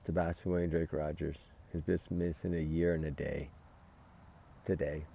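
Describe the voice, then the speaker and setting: Gravelly, heated man ranting. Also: extremely low pitch, little pitch movement, moderate pace, mellow. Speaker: true-crime vlogger. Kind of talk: casual commentary. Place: outdoors by a fire pit at night.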